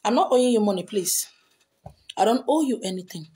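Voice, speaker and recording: A woman's voice: medium pitch, expressive, fairly quick, pauses often, dark tone. A Nigerian woman talking to her followers as a spiritual teacher, emphatic and repetitive, slipping into Pidgin and Igbo. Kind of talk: social media talk.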